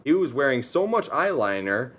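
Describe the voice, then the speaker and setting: A man reading a fan story aloud for comedy, mostly flat, sometimes cracking up in disbelief. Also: mid-range voice, moderate pace, slightly rough. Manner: reads flatly, breaks into disbelief. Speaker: comedy reader.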